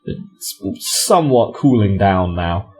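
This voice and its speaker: A man's voice: deep voice, lively intonation, slow pace, a little mellow. A man narrating as game master, rambling with fillers and self-corrections.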